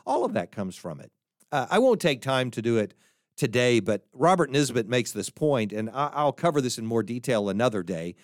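A man's voice: medium pitch, big pitch swings, moderate pace, dry recording, studio quality. A man hosting a talk show, explaining ideas in a thoughtful lecture style, often restarting and correcting himself. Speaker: podcast host.

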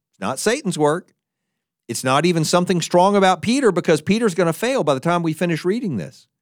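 A man preaching a sermon, who talks in an animated way and acts out the figures he quotes in different voices. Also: medium pitch, no echo, studio quality.

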